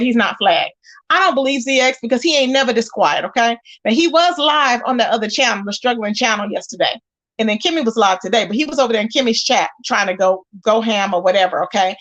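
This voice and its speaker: Sassy high-voiced woman spilling gossip. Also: fairly bright tone. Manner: sassy, emphatic, rhetorical questions to viewers. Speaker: commentary channel host. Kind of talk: casual gossip commentary.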